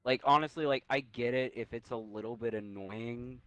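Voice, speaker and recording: A man's voice: mid-range voice, moderate pace, clean tone, no echo. A man chatting casually during a game stream, reacting with incredulous remarks. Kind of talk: casual gaming chat.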